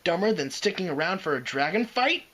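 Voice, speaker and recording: A man's voice: sits high, animated, fairly quick, pushed and bright, voice pushed up, exaggerated voice. A man voicing Spike, a young boy dragon who is frightened but talks back defiantly. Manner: pleading, retorting, insolent.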